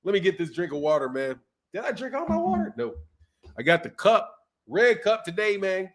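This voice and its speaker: Laid-back high-voiced man chatting boxing. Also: very animated, normal speed. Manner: laid-back, slangy, chuckles often. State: sore throat. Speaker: boxing channel host. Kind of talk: casual livestream chat reading super chats.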